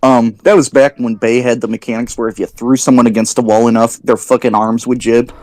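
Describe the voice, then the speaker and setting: A man telling animated gaming anecdotes in casual chat, swearing often. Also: medium pitch, fairly quick, no room sound.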